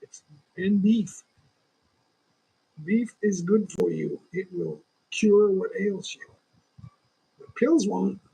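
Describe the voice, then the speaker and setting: Gravelly and dark yet pitched high, his slightly rough voice moves slowly with long pauses. He's a livestream host in his sixties with a lingering cough, chatting casually, rambling and opinionated, directly to viewers over a low-quality recording.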